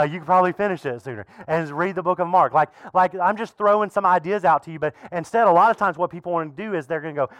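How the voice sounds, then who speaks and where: A man preaching a sermon as pastor in a relaxed, conversational way, with frequent asides to the congregation. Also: on the high side, dry recording. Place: church.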